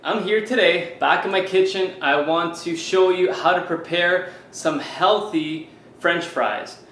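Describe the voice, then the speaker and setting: A man's voice: high voice, unhurried, fairly bright tone, roomy sound, a little hiss or hum, low-quality recording. A man from Canada, a fitness coach, talking casually to camera while showing a recipe in his home kitchen, with lots of fillers. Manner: chatty, loose, with many fillers like "you know". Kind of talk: casual cooking demo to camera.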